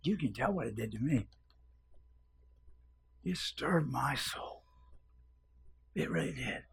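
A man preaches a sermon in a mid-range, gravelly, husky voice, speaking slowly and expressively. He drops to hushed whispers before rising into loud, fervent cries. He repeats phrases for emphasis.

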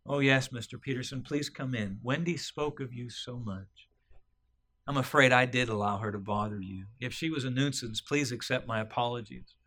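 A man voicing a gentle, grieving young mother in a retold story, speaking softly and politely. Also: medium pitch, moderate pace, lightly acted. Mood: subdued.

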